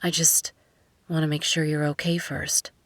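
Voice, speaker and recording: Woman doing a soft-spoken young rich guy, low and hushed, dry sound. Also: moderate pace, no echo. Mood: tender. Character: billionaire young man, guarded, tender.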